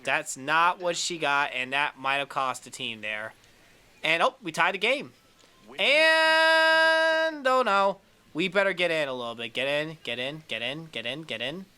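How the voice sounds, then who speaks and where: A man narrating his baseball video game session in a casual, rambling way. His voice is bright and sits a bit high, and he gets loud fast when a swing connects. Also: clear, resonant tone. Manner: excitable, shouts at big plays. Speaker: gaming commentator.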